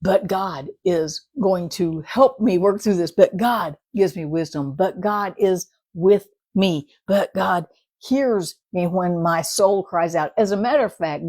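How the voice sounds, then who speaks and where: A woman's voice: medium pitch, no echo. A middle-aged woman giving a casual devotional talk in a conversational way, often adding "right?" and acting out prayers in a quoted voice. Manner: warm conversational, with frequent "right?" asides and dramatic quoted prayers. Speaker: devotional speaker.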